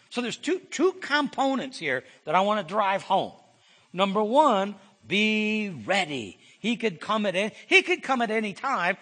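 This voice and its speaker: A man preaches a sermon in a relaxed, talky way, stumbling over restarts and tossing in asides. His voice sits high and husky, and it swings widely in pitch. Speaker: pastor. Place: church sanctuary.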